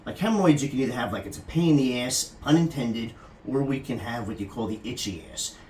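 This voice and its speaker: A man's voice: mid-range voice, fairly quick, darkish tone, roomy sound, a little hiss or hum. A man giving a crude, rambling comic talk about hygiene, chatting to the person filming him. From California. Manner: rambling, crude and jokey, often addressing the camera operator by name. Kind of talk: casual comic monologue to the camera operator.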